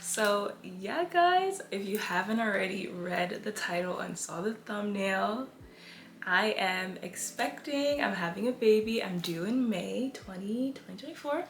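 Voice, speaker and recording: A woman's voice: medium pitch, a bit bright, a little hiss or hum. Young female vlogger, breathless, casual chatty delivery, roomy echo. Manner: chatty, with long pauses. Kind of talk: casual vlog chat.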